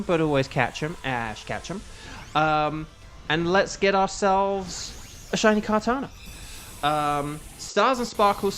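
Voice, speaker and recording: A man's voice: on the high side, fairly bright tone. A man who is a voice actor, chatting casually to his viewers while streaming a game, rambling and self-aware with lots of fillers. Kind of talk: casual live-stream chat over gameplay.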